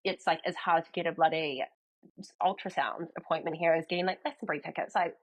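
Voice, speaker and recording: A young woman with a New Zealand accent chats as a podcast guest, her voice sitting a little low for a woman. She tells her story in an animated way and jumps into the voices of people she quotes. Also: fast, poor audio. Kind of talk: casual chat.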